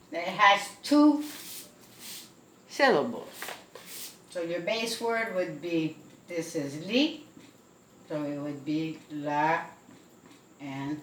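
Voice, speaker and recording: A woman teacher slowly and carefully explaining a spelling lesson to her students. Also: fairly low pitch, a bit bright, distant mic, a little hiss or hum. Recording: echoey room, away from the mic.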